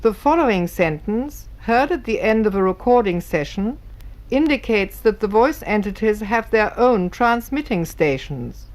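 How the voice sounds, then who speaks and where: A woman reading scripted documentary narration in a careful, deliberate way. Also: medium pitch, lively intonation, slight background noise.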